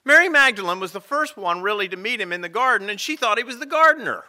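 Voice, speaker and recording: A man preaching a sermon as rector, telling stories with dramatic pauses. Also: sits high, animated, sharp tone.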